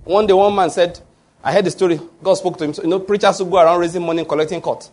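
A man's voice: high-pitched, fairly even intonation, rapid-fire, a little mellow. A man preaching a sermon, often asking the congregation fill-in-the-blank questions. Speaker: pastor.

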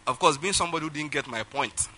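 A man's voice: a little high, expressive, quick pace, bright, forceful tone, poor audio. A man preaching a sermon, telling a personal story and acting out phone calls with laughter. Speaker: pastor.

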